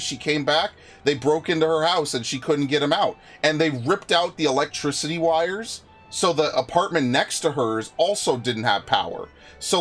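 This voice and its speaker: A young man streaming a game, telling stories in casual, profane chat with a friend. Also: fairly high pitch. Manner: animated, profane storytelling.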